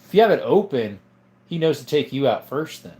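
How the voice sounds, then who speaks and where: A man hosting a casual livestream, chatting in a relaxed, rambling way and answering viewers. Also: medium pitch, fairly quick. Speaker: livestream host.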